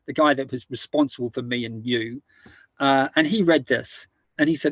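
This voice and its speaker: A middle-aged man from the United Kingdom, a podcast guest telling anecdotes in a halting way, often repeating and restarting words. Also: mid-range voice, a bit bright, no echo, lo-fi sound. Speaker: guest, author and former army officer. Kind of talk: casual conversational storytelling.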